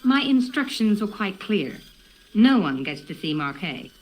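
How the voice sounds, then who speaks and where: An actress voicing a prim, strict receptionist at a clinic in a video game, haughty and stern. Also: female voice, medium pitch, big pitch swings, a little slow, low-quality recording.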